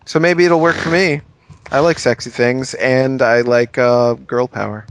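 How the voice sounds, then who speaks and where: A man's voice: mid-range voice, steady tone, a little slow, no room sound. A man co-hosting a gaming podcast, playful and upbeat, asking a lot of questions in casual chat. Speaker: podcast co-host.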